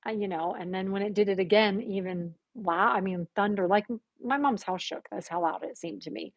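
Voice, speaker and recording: Animated woman telling her story, dry sound. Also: medium pitch, brisk, no room sound, muffled recording. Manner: animated storytelling, acting out quoted voices with gasps. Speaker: podcast guest. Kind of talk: telling a personal story in conversation.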